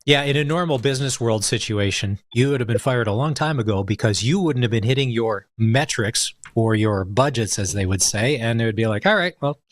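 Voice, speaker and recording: A man's voice: mid-range voice, brisk, few pauses, no echo. A man hosting sports talk radio, asking his co-host conversational, leading questions.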